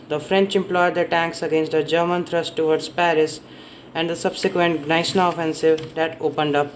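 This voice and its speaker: A man with a slightly high voice talks through a book summary in a loose, unscripted way. He often stumbles over names and dates and corrects himself mid-sentence. Faint ambient noise sits behind his voice. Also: poor audio. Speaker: book reviewer. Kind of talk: casual spoken book summary.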